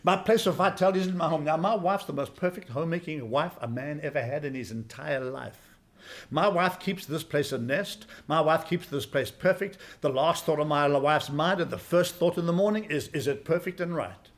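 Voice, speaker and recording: A man in his sixties preaching a sermon as pastor, folksy and emphatic, swinging from quiet asides to loud exclamations. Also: a little high, moderate pace. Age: 60s.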